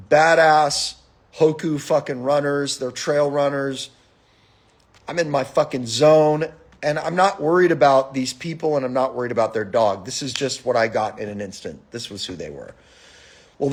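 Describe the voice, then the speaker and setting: A man hosting a live stream, telling a story in a profane, animated, casual monologue. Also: mid-range voice.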